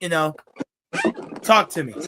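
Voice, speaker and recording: Young male host, high-pitched, loud excitable ranter, casual sports talk. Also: unhurried, noisy background. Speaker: podcast host.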